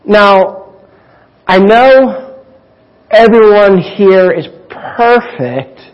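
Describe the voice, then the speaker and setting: A man preaching a sermon, with deliberate, emphatic delivery and drawn-out pauses. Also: sits high, animated. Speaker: pastor. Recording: dull lo-fi recording.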